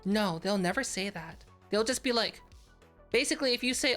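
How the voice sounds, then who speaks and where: A woman's voice: mid-range voice, fairly quick, fairly bright tone, faint music behind. A woman VTuber streamer chatting casually and playfully with her chat, giggling and reading names aloud.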